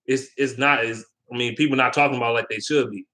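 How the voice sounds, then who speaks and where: A man's voice: medium pitch, fairly even intonation, quick pace, sharp tone. A young man talking casually about sports in a rambling, opinionated way, with slang and lots of ums. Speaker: sports vlogger.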